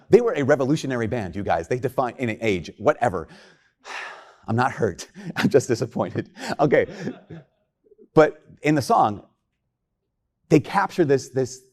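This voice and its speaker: Chatty man giving a homily. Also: mid-range voice. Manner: conversational, joking, animated with quoted voices. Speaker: priest.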